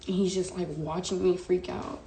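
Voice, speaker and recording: A woman's voice: lowish voice, level tone, moderate pace. A young woman, telling a candid, emotional story to her live-stream viewers with lots of "like" and "bro.". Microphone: phone live stream. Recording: echoey room with faint background hiss.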